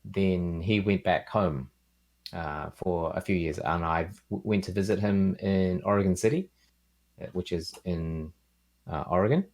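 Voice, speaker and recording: Kiwi guy on a video call, really deep voice, laid back and rambly. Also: measured pace. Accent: New Zealand. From New Zealand. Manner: relaxed, rambling, lots of fillers. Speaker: guest, keyboard builder and streamer. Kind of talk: casual chat over a video call.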